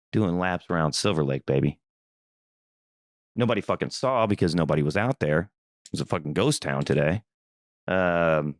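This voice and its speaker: A young man from Missouri hosting a podcast, telling a rambling, animated story in a casual, swearing manner. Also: deep voice, no echo, clean studio sound. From Missouri, USA. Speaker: podcast host.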